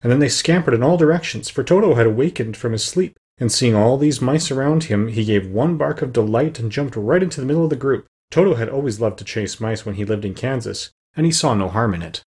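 A man reading a storybook aloud as narrator, steady and plain, with the odd small slip. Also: medium pitch, fairly quick, hardly any pauses, husky. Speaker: audiobook narrator.

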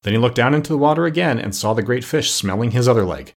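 A man narrating a children's story with expressive, dramatic storytelling. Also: mid-range voice, fast, vocal fry. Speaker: storybook reader. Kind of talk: audiobook narration.

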